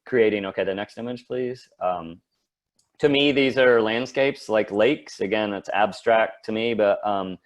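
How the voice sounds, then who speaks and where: A man's voice: lowish voice, a little slow. Rambling man giving a slide talk. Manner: rambling, many fillers and restarts. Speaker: guest artist.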